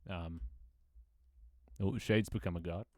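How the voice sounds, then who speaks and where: A man's voice: sits low, fairly even intonation, takes it slowly, a little mellow, no room sound, studio quality. A man in his twenties chatting casually on a live stream, rambling, laughing often and joking about himself with casual swearing. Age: 20s. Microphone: desk microphone.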